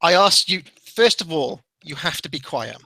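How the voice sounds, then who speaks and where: Exasperated man, sharp bright voice. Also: fairly high pitch, animated, moderate pace, vocal fry, poor audio. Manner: exasperated, keeps cutting in. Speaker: debater attacking a theory. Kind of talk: heated online debate.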